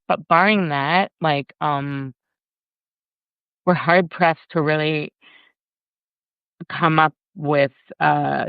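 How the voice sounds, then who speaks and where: A woman talking as a guest on a live video call, animated and unfiltered, acting out her inner voice in quotes. Her voice is smooth and resonant. The sound is dry and dull, like lo-fi streamed audio. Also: low-pitched, no room sound. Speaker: guest, workshop leader. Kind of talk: casual conversation on a live video.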